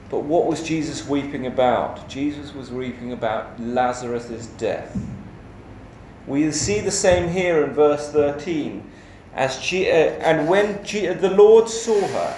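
A man's voice: medium pitch, a little mellow, slight background noise. Male preacher, emphatic sermon delivery, echoey hall with faint ambience. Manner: measured, emphatic delivery with rhetorical questions.

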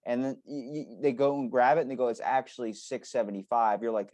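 A man's voice: mid-range voice, steady tone, fast, few pauses, darkish tone, no room sound. Blunt, swearing male podcast host. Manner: blunt, opinionated, swears freely. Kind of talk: casual conversation.

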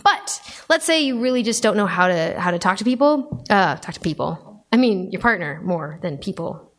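A woman's voice: mid-range voice, expressive, normal speed. A woman hosting a live podcast on a small club stage, chatty and giggly with lots of fillers. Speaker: podcast host.

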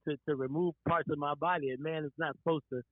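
A man's voice: fairly high pitch, fairly even intonation, quick pace, dry recording. Earnest man telling a faith story. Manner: earnest storytelling with repeated restarts. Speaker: guest sharing testimony. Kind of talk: faith podcast conversation. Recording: dry, phone-like narrow sound.

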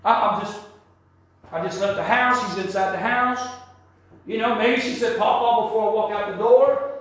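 An older man preaching a testimony sermon in a church, building from quiet storytelling to shouted praise. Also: high voice, moderate pace. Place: church sanctuary. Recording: very echoey church hall.

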